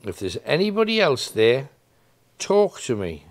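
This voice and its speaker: A man's voice: mid-range voice, huge pitch swings, unhurried. A man hosting a ghost hunt, persistently calling out questions to spirits inside an old building at night. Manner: persistent, questioning, coaxing then demanding. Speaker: paranormal investigator host.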